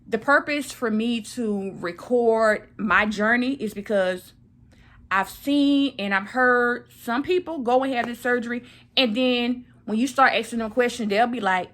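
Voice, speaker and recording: A woman's voice: on the high side, measured pace, a bit bright. A woman in her thirties talking casually to camera, recovering from surgery and repeating phrases for emphasis. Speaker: vlogger.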